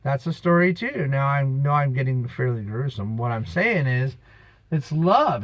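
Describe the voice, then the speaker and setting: A man's voice: mid-range voice, animated, a little slow, dry recording, poor audio. A man in a rambling, preachy monologue, emphatic and drifting off-topic, talking outdoors on a beach. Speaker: vlogger.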